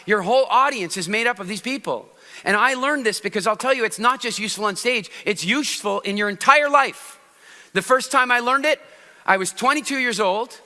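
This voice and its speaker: A middle-aged man giving a public speaking talk on stage to a live audience, animated and constantly shifting his pitch and loudness to act out different speaking styles. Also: in a large hall. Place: large hall with audience.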